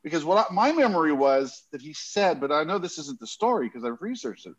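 Animated man telling a rambling story. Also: fairly high pitch, fairly quick, dull audio. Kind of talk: casual anecdote.

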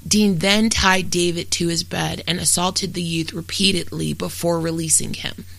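Creaky, dry true-crime narrator. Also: mid-range voice, normal speed, dry recording, rough recording. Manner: steady, matter-of-fact reading, blunt and profane when ad-libbing. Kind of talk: scripted true-crime narration with casual asides.

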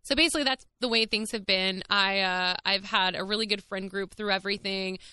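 A woman's voice: medium pitch, fairly even intonation, a little fast, bright, forceful tone, clean tone. A young woman, candidly telling her own story on her podcast in a chatty, swearing, filler-heavy way. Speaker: podcast host. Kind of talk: casual monologue.

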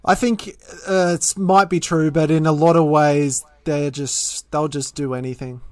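High-voiced man asking wry questions. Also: little pitch movement, unhurried, no room sound. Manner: mock-interviewer, wry. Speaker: podcast co-host. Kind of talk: casual podcast banter.

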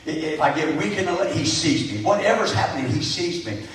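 A man preaching a sermon as pastor, stressing points with repetition and shouted emphasis, heard in a church through the pulpit mic. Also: a little high, animated, fairly quick, soft background music. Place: church sanctuary. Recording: very echoey room, voice from a distance.

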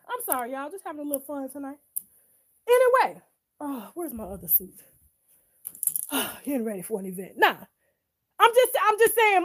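A woman with a very high voice rants on her gossip vlog. She taunts and curses, repeating pointed rhetorical questions. She talks from her closet at home. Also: a bit bright. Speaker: gossip channel host. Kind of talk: profane ranting vlog.

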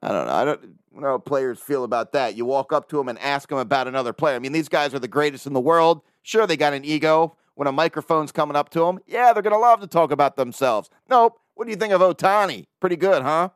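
In clean studio-quality audio with no room sound, a male podcast host rants casually about sports on his own show, swearing plenty and laughing often. He speaks fast with few pauses, in a clear, resonant, medium-pitched voice.

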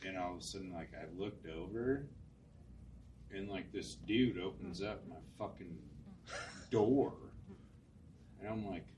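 A man's voice: deep voice, unhurried, long pauses, far from the mic, highs cut off. A middle-aged man co-hosting a podcast, telling rambling, profane anecdotes in casual chat. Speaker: podcast co-host. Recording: noisy, off-mic.

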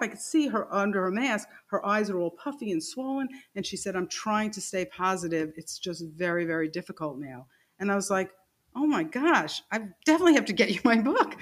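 A woman telling a personal story as a podcast guest. She laughs as she goes and acts out the lines of the people in it. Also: medium pitch. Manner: animated, laughing storyteller who acts out quoted dialogue.

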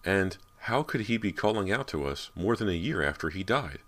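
Brief: male narrator doing a scared teen boy, urgent and worried, voice lifted a bit higher. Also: sing-song, moderate pace, a bit bright, heavily acted. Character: frightened, questioning teenage boy.

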